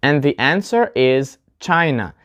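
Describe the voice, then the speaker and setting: Low-voiced woman teaching pronunciation. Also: expressive, highs cut off. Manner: chatty, often addresses viewers as "guys"; explains slowly, demonstrating word stress aloud. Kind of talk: casual online video lesson.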